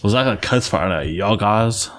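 A man's voice: lowish voice, animated, fairly quick, fairly bright tone. A man voicing a casual young male letter writer in a laid-back, drawling way.

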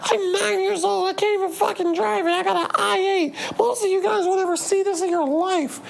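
A man's voice: steady tone, brisk, creaky, heavily acted. A man squealing as a bratty rich little girl. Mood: bragging. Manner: shrill mocking squeal. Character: bratty boastful nine-year-old girl flaunting money.

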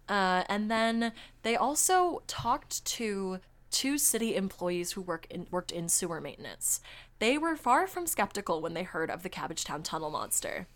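A chatty woman hosting a podcast, speaking at a middling pitch. She talks quickly and fills her sentences with "like." She also reads articles aloud in a loose, casual way. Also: very animated, fairly bright tone. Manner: chatty, fast, full of "like" fillers and laughs. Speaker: podcast host.

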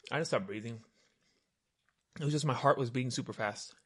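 A man's voice: medium pitch, brisk, a bit bright, husky. A man co-hosting a casual podcast who cuts in with short, dry remarks. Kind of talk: casual chat.

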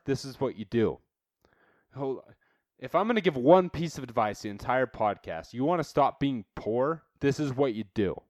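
A man's voice: mid-range voice, no room sound. Man, podcast host, profane motivational rant, blunt, irritated, dry close sound. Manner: blunt, swears constantly, calls listeners dude. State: worked up and irritated.

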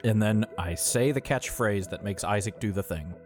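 A man's voice: on the low side, moderate pace, faint music behind. A man playing a tabletop game, cracking dry jokes in casual chat. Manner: dry, joking. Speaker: player.

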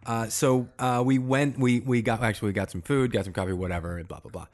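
A man's voice: mid-range voice, fairly even intonation, fast, a little mellow. A man co-hosting a casual chat, telling a rambling story with lots of restarts and fillers. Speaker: podcast co-host.

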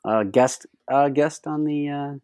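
A man's voice: on the high side, measured pace, darkish tone. A man co-hosting a podcast, chatting casually and retelling a comedy sketch with lots of asides. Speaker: podcast co-host. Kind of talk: casual chat.

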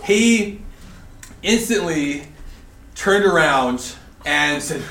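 A man in his thirties addresses a group as a conference speaker, telling an animated story and laughing as he goes. His voice is bright and forceful and sits a little high. It echoes through a large hall over a faint room hum. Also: very slow, distant mic. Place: large indoor hall at a retreat facility.

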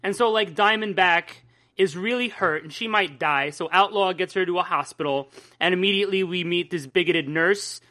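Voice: medium pitch, normal speed, pushed and bright. A podcast host in casual chat, rambling loosely and swearing freely.

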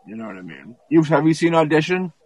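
A man's voice: fairly high pitch, big pitch swings, fast talker, a little mellow, husky, no echo, low-quality recording. Rambling, profane man retelling a movie. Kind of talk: casual movie chat.

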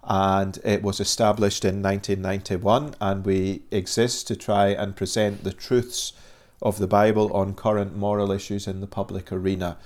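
Flat-voiced Scottish man, mingled accent. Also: lowish voice, normal speed, few pauses. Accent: Scottish with a Northern Irish tinge. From Scotland. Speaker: guest, Christian charity officer. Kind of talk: measured interview answers.

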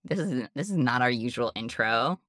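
A podcast co-host chatting casually who likes to explain things with a nerdy, textbook flair. The voice sits at a middling pitch. The sound is dry and close, with no room around it. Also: lively intonation, moderate pace, a bit bright, no room sound.

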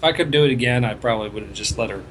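Man, podcast co-host, casual chat, rambling, halting, trails off softly. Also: mid-range voice, crowd noise. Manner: rambling storyteller, trails off quietly with many fillers.

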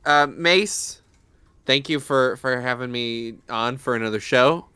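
A man's voice: medium pitch, a little slow, pushed and bright, smooth, no room sound. A man co-hosting a podcast, joking and rambling in casual comedic chat. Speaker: podcast co-host.

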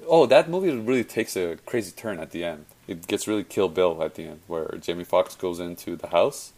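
A man's voice: sits low, lively intonation, a little fast, darkish tone, low-quality recording. A man chatting casually about movies, rambling with lots of fillers and restarts. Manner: rambling, many fillers and self-corrections. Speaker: conversation partner. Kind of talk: casual chat about films.

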